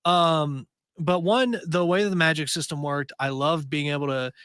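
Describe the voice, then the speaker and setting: A man co-hosting a casual podcast chat, enthusiastic and a bit rambling. His voice sits a little high and sounds bright and forceful. The recording is dry and close. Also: normal speed, smooth, no room sound. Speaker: podcast co-host.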